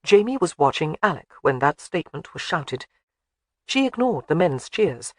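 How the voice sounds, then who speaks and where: An audiobook narrator reading a historical romance with expressive storytelling. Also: mid-range voice, moderate pace, no echo, studio quality.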